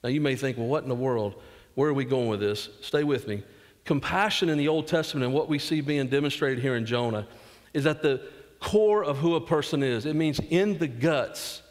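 A man with a Southern US accent preaching a sermon as pastor, earnest, acting out quotes and dropping asides to the congregation. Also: on the high side. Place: church sanctuary. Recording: long church reverb.

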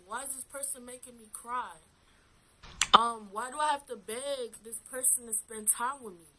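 A woman's voice: a little high, normal speed, bright, forceful tone, rough recording. A young woman vlogging casually while getting ready, giving candid advice from personal experience and calling the viewer sis. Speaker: beauty vlogger. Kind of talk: casual get-ready-with-me chat.

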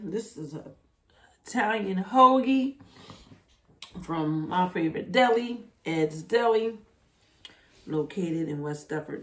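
Chatty woman eating on camera. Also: fairly low pitch. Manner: chatty, laughs often, talks while eating. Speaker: mukbang vlogger. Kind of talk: casual eating vlog chat.

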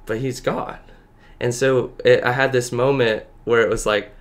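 A man speaking as a podcast guest, telling a personal faith testimony in casual conversation. He is earnest and halting, full of filler words, and at times close to tears. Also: mid-range voice, steady tone.

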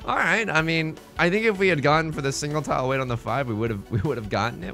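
A man's voice: fairly high pitch, fast talker, gravelly, hardly any pauses, pushed and bright. A young man giving casual, rambling, jokey commentary while playing a tile game, full of restarts and self-mockery. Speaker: let's play host. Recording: faint music behind.

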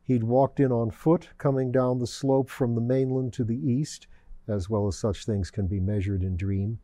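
Mellow-voiced male storyteller. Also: mid-range voice, no echo. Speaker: narrator. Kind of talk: storybook narration.

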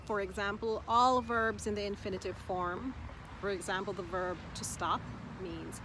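A woman's voice: medium pitch, fairly even intonation. Encouraging woman teaching with noise behind. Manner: encouraging, repeats words slowly and distinctly. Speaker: Spanish teacher. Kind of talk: slow, clear language lesson. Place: outdoors in Mexico.

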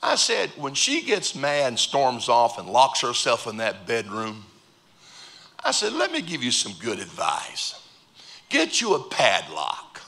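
A man preaching a sermon in a church, joking with sudden loud outbursts and quiet asides. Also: medium pitch, huge pitch swings, unhurried, creaky. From United States. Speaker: pastor. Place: church auditorium.

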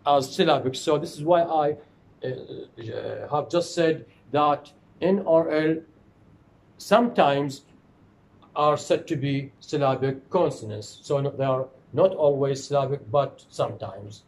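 Slow, deliberate man lecturing on phonetics. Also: medium pitch, vocal fry, a little mellow, a little hiss or hum, poor audio. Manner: slow, deliberate, repeats words to model pronunciation. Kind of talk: recorded lecture.

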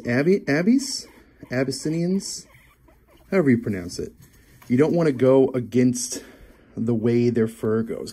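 A man chats softly and affectionately to his guinea pig, slipping into cooing pet talk and chuckling often. His voice is mellow and slightly husky. His pitch swings widely, and he speaks at an unhurried pace. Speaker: guinea pig owner and channel host. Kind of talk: talking affectionately to a pet while brushing it.

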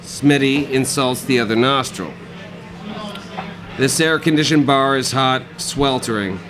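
A man reading his own dark comic prose aloud at a live cafe reading, with a dry, sardonic delivery. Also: medium pitch, poor audio.

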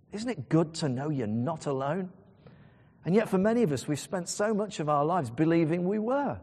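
A man's voice: on the high side, a little mellow, breathy edge. A man preaching a sermon in a conversational, emphatic storytelling way. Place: church. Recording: church hall reverb.

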